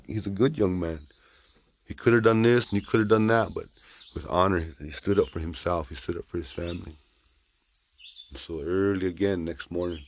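A man telling a traditional story in a folksy, animated way with casual asides. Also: low voice, a little hiss or hum.

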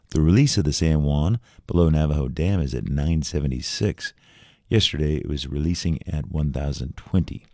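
Local radio host, male, deep and mellow, steady read, dry booth. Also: no room sound. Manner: steady, measured reading. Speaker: local public radio announcer. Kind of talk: read river report and sponsor credits.

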